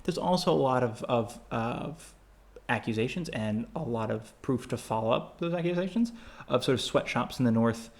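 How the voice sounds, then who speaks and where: A man co-hosting a travel podcast in a loose, casual chat. His voice is mid-pitched with a gravelly edge, and he rambles, full of fillers and restarts. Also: animated, normal speed. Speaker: podcast co-host.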